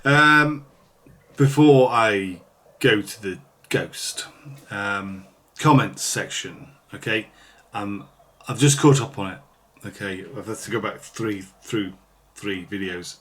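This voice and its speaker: A man's voice: fairly low pitch, takes it slowly. Rambling man's video diary. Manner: rambling, chatty, self-mocking. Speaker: vlogger. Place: at home.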